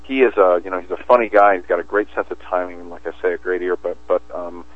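A man's voice: low-pitched, level tone, fast, dry recording. A man talking as an interview guest in a rambling way, with many restarts and fillers. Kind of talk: casual interview talk. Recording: tinny phone line, dry.

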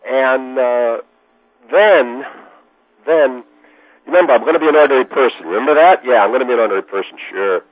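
A man telling a long anecdote in a rambling, animated way, often repeating himself, as a podcast guest. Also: mid-range voice, a little fast, no echo. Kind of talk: casual storytelling. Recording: dry, phone-like lo-fi sound.

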